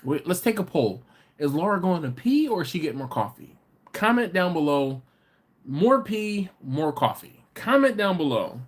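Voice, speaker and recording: A man's voice: fairly high pitch, very animated, slightly rough. A man hosting a casual livestream, reading viewer comments aloud and joking with them. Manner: joking, teasing, chatty, quick laughs. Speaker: livestream host.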